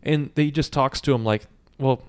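A man in casual podcast chat, recapping a movie with lots of swearing and quick quoted voices. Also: mid-range voice, clean tone. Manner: profane, animated storytelling with quick quoted voices.

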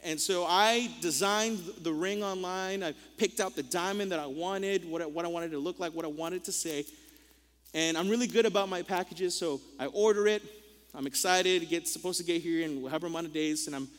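A man's voice: high-pitched, a little fast, in a large hall. A young man preaching a sermon, telling a funny story in a playful, self-mocking way and often stumbling over repeated words. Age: young adult.

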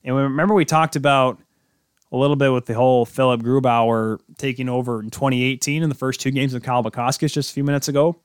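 A man's voice: mid-range voice, steady tone, fast, clean tone, no echo, studio quality. A man hosting a sports podcast, talking casually on his own in a rambling, joking way and correcting himself as he goes. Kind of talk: casual solo sports talk.

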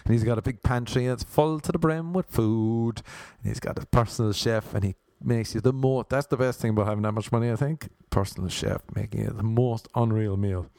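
A man's voice: medium pitch, brisk, vocal fry, mellow, dry recording. A young Irish man telling rambling, self-mocking comic stories, often laughing at his own jokes. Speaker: comedian. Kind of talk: comic monologue.

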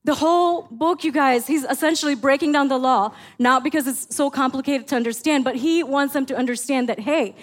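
A middle-aged woman pastor preaching a sermon, telling family stories in an animated way and acting out her own lines. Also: sits high, fairly quick, hardly any pauses. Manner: animated storytelling, acts out her own quotes.

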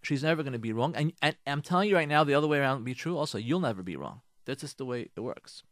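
A man's voice: mid-range voice, lively intonation, quick pace, fairly bright tone, no echo, studio quality. A man hosting a radio advice talk. He speaks emphatically, repeats his key points, speaks straight to his listeners and drops in Hebrew and Yiddish religious words. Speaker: radio host giving marriage advice.

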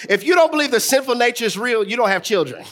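A man in his thirties, a pastor delivering a sermon and talking straight to the congregation, his preaching swelling into shouts with a sing-song cadence. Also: very high voice.

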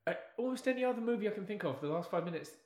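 A man chatting casually as a podcast guest, animated and wry, building his points with emphasis. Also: sits high, very fast. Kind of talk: casual chat. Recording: echoey room.

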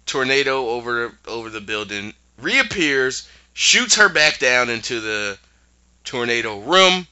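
Very bright-voiced man, lively retelling. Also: medium pitch, unhurried, clear, resonant tone, lo-fi sound. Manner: animated retelling with acted-out quotes. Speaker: podcast co-host recapping a show. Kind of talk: casual chat.

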